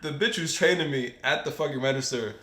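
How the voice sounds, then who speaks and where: A young man co-hosting a podcast, telling a profane story in a casual, animated way and laughing often. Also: medium pitch, a little fast. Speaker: podcast co-host. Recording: echoey room.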